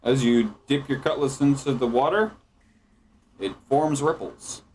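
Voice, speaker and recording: A man running a tabletop game as game master, narrating outcomes dryly and deadpan. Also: mid-range voice, a little slow, slight background noise.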